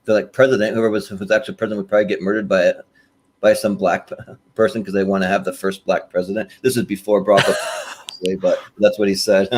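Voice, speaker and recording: Rambling low-voiced man. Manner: rambling, many fillers and restarts, laughs often. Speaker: podcast co-host. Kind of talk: casual chat.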